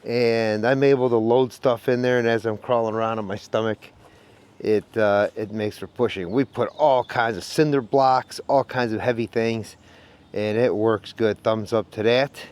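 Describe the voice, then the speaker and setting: A man's voice: medium pitch, fairly even intonation, moderate pace, darkish tone, clean tone. A man narrating a do-it-yourself video from a cramped crawl space, chatty and joking with viewers while breathing heavily from the work. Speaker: DIY vlogger. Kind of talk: casual how-to vlog narration.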